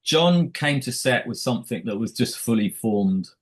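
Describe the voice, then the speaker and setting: A middle-aged man talks at an ordinary pitch in a loose, rambling way. He keeps restarting his sentences and acts out short quoted asides as he tells behind-the-scenes stories in an interview. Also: animated, moderate pace, poor audio. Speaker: film director. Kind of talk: casual interview chat.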